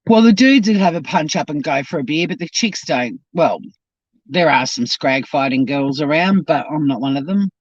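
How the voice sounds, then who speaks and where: Low-voiced and animated, an Australian streamer talks at a moderate pace from her car, firing blunt, swear-filled reactions at her chat. The recording is dry, dull and lo-fi.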